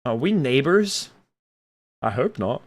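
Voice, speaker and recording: A young man reading viewer comments aloud and answering them in a casual, animated and opinionated way, swinging between loud outbursts and muttered asides. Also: medium pitch, slow. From Australia. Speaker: streamer reading chat.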